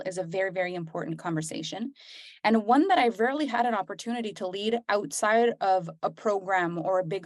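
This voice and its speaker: A woman's voice: medium pitch, no echo, studio quality. A woman hosting a live online sales training, talking in an effusive, enthusiastic way as she greets attendees by name.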